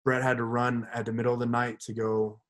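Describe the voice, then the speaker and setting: A man's voice: mid-range voice, fairly quick. Guy cohosting a podcast, chatty and rambling, acts out what people said, normal middle voice. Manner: rambling, animated storyteller acting out quotes. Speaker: podcast co-host. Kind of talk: casual storytelling chat.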